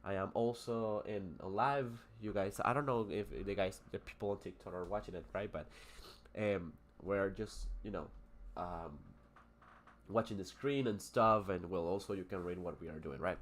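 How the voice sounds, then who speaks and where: A man's voice: sits low, moderate pace, a little hiss or hum. A young man with a Spanish accent and Spanish as his first language, teaching an English lesson on a livestream, reading a text aloud and chatting between passages, rambling with many fillers and self-corrections.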